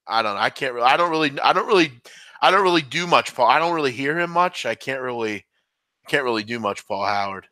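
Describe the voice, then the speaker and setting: A laid-back man hosting a casual late-night sports chat, chuckling and self-deprecating, his voice starting to go hoarse. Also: mid-range voice, lively intonation, fast, bright, forceful tone, dry recording, studio quality. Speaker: fill-in host.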